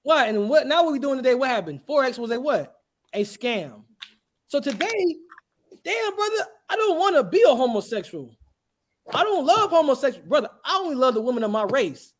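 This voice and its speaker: A man preaching with a lively, swooping voice that jumps high and drops low. He fires off rhetorical questions and waits for agreement. His delivery is emphatic and insistent. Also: moderate pace. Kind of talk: street sermon.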